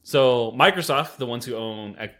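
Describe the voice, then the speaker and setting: A man hosting a casual podcast, talking in animated bursts with plenty of fillers, restarts and swearing. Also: mid-range voice, normal speed. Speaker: podcast host and game master.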